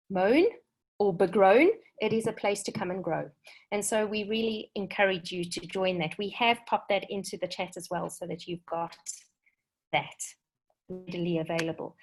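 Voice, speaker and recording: A woman's voice: medium pitch, low-quality recording. A woman hosting a webinar, encouraging the audience and steering to the guest. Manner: encouraging, organized. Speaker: webinar host. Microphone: video call.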